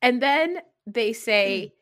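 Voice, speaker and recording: A woman co-hosting a podcast, chatting casually and recapping reality TV in a gossipy, animated way, laughing often. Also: fairly high pitch, slow pace. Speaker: podcast co-host.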